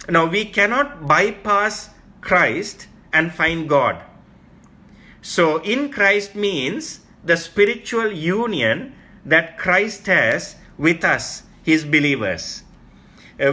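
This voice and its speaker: Male Bible teacher with a bright, fairly high voice; earnest, emphatic sermon delivery, slowing down to explain terms. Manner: earnest, emphatic, repeats key phrases; explains Greek terms slowly.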